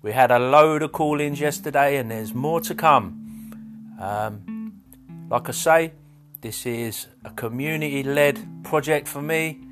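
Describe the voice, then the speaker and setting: A man hosting a podcast, reading a list of callers and signing off in a relaxed, thankful way. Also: medium pitch, a little slow, over music. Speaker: podcast host. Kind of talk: podcast sign-off.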